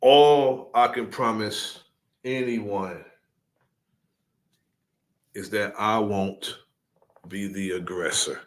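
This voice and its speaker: Male organizer, slow measured delivery, preaching cadence, lower voice. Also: fairly even intonation. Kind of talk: casual address to followers.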